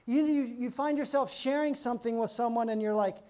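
A male pastor preaching a sermon in a conversational, animated way, acting out quotes while telling stories. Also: very high-pitched, brisk, few pauses.

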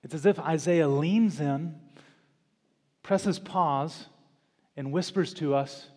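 Slow, deliberate male pastor in a reverberant church. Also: a little high, darkish tone. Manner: slow, deliberate preaching with dramatic pauses and emphatic repetition. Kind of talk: sermon. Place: church sanctuary.

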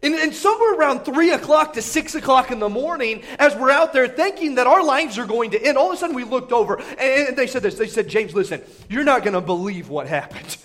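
A man preaching a sermon, retelling a story in animated fashion, full of fillers and repeats, swinging between shouts and hushed asides. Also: very high-pitched, fast talker, hardly any pauses. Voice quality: filler-heavy, repetitive.

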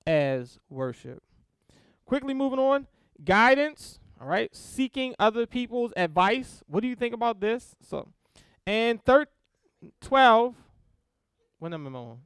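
Very high-pitched and fairly bright, his voice has a clean tone, captured in studio quality without any room sound. In an informal sermon about spiritual disciplines, he talks in a conversational way, regularly asking his audience "okay?" or "right?"

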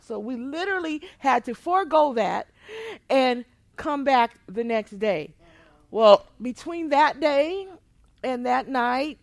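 A woman pastor telling a personal testimony in a sermon, moving between quiet, hushed storytelling and loud, emotional outbursts. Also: high voice, animated, slow, gravelly, dry recording.

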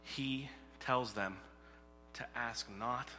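A man's voice: mid-range voice, extremely slow, pushed and bright, faint music behind. A man preaching a conversational sermon, asking the congregation questions and telling stories from scripture. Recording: echoey hall.

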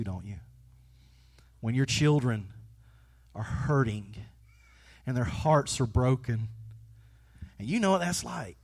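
A pastor preaching a sermon, switching between conversational asides and hushed, earnest passages, with playful jokes aimed at the congregation. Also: medium pitch.

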